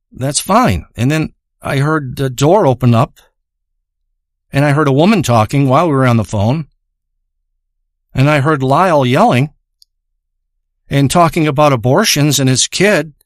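A man telling a long absurd comic story in a deadpan, drawling way, acting out both sides of a phone call. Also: on the high side, no room sound, studio quality.

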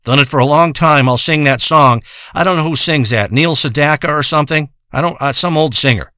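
Guy with a brightish high-ish voice, rambling and cussing through a comic story, very dry sound. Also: brisk, dry recording. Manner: profane, rambling, meandering storytelling.

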